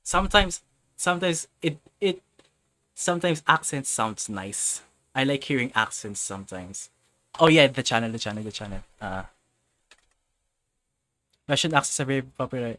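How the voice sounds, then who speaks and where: A man's voice: mid-range voice, expressive, moderate pace, long pauses, pushed and bright, no echo. A man chatting casually on a live stream, rambling and often restarting and repeating himself, speaking English as a second language. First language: not English.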